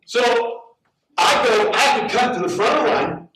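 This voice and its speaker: A middle-aged male pastor telling a story in a sermon, animated and prone to repeating words as he acts out the people in it. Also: high voice, quick pace, recorded from a distance, very noisy. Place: large church hall. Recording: very echoey hall, heard from afar.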